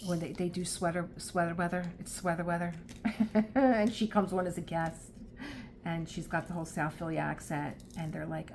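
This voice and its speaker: A middle-aged crafting vlogger from Philadelphia, with a South Philadelphia accent and a lowish voice, talks at a normal speed with fairly even intonation. She rambles casually while crafting and laughs often; the audio has a little hiss or hum.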